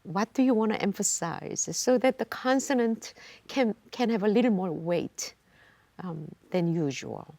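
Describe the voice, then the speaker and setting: A woman explaining diction on a panel in a studio, measured and thoughtful with pauses. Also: medium pitch, lively intonation, gravelly, dark tone, no echo. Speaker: roundtable panelist, diction clinician. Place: video studio.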